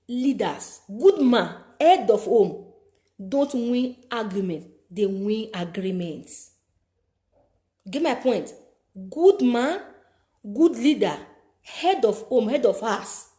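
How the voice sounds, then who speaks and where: A woman's voice: fairly high pitch, mellow. A woman with a Nigerian accent giving preachy life advice, repeating phrases for emphasis. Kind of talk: motivational talk to camera.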